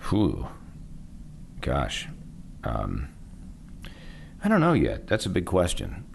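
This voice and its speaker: A man's voice: extremely low pitch, huge pitch swings, slow, gravelly, a little hiss or hum. A middle-aged man, a voice actor, chatting casually in an interview and rambling with frequent trailing off. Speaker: voice actor guest.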